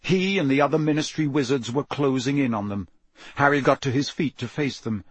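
A man narrating an audiobook with a dramatic, expressive reading. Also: medium pitch, a little fast, husky, dry recording.

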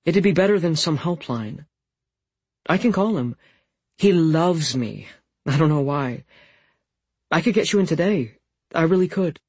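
Man doing young woman, stressed, earnest, urgent, raised pitch, gravelly. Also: expressive, unhurried, long pauses, darkish tone, dry recording, heavily acted. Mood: pleading.

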